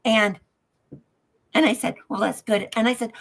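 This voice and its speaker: A woman telling a personal dream story in a casual chat, halting and emotional, dropping softer at times. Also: on the high side, animated, creaky.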